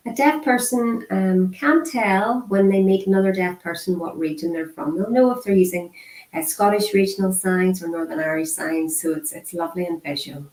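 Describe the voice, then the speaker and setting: Woman, lowish voice, unhurried lesson delivery with repeated words, roomy echo. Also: darkish tone. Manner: slow and measured, repeating single words with pauses; frequent throat clearing and fillers. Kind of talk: interpreted beginner lesson, spoken aloud.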